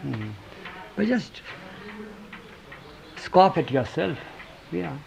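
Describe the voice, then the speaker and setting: Speaking extremely slowly in a highish, creaky, very animated voice, a man gives an informal talk to a group about his spiritual teacher's words, telling stories, quoting him, and questioning listeners. The audio is dull lo-fi tape with a faint hiss.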